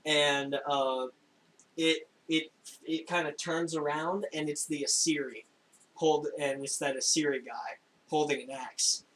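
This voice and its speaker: A man's voice: fairly high pitch, steady tone, a bit bright, slight background noise, low-quality recording. Young man running a casual tabletop game. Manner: casual, halting, laughs often. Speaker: game master. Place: home room, recorded for a stream.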